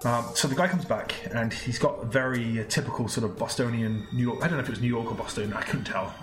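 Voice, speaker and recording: A man from England with a British accent tells a long, rambling story, tripping over his words and laughing as he goes. The recording sounds roomy, and music plays clearly in the background. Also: medium pitch, quick pace. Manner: rambling storyteller, laughs often, many restarts. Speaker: podcast co-host. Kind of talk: casual podcast chat.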